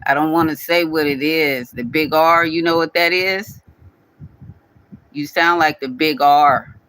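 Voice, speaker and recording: Scolding man, bright close voice. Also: on the high side, unhurried, a little hiss or hum, low-quality recording. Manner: scolding, repetitive, speaks directly to viewer. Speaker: channel owner addressing a commenter. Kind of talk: casual scolding vlog rant.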